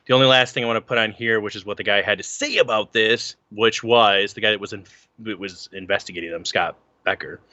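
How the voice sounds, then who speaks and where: A man's voice: fairly low pitch, fairly quick, no room sound, highs cut off. A man co-hosting a casual podcast, chatting and reading articles aloud, tripping over words as he goes. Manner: animated, stumbles over words while reading. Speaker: podcast co-host.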